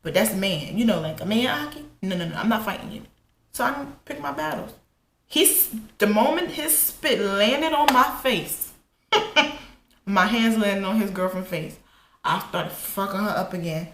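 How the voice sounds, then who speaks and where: A woman vlogger casually telling a personal story while getting ready, animated and profane, acting out quotes. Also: normal speed, a little hiss or hum. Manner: animated, profane, retells quotes with rising pitch. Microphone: camera in front. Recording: echoey room with faint ambience.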